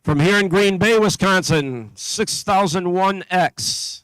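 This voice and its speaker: High-voiced man announcing teams. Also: takes it slowly, fairly bright tone, smooth, no room sound, poor audio. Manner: reads a list steadily, with small slips and asides. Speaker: event announcer. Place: event venue.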